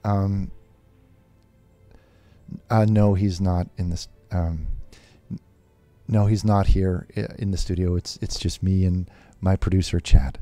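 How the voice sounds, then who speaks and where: A man playing a nervous televangelist host on a call-in show, talking haltingly with many fillers and restarts. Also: sits low, level tone, mellow, dry recording, soft background music. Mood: flustered.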